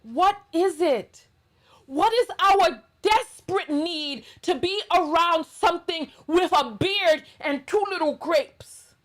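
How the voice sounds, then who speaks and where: Brief: middle-aged New York woman, high voice, slow, emphatic drawl, blunt sassy commentary host. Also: fairly bright tone. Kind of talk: reaction commentary monologue.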